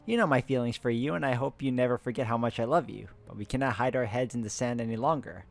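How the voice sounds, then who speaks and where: A man with a medium-pitched, creaky voice talks at a quick pace while hosting a playthrough of a co-op puzzle game. He reads the in-game letters aloud plainly, then breaks off to chat and laugh with a friend between them.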